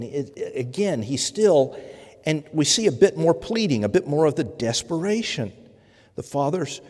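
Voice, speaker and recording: A man's voice: a little high, darkish tone, breathy edge. A man preaching a sermon in a conversational way, often repeating words and briefly acting out the people he quotes. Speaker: pastor. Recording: long hall reverb.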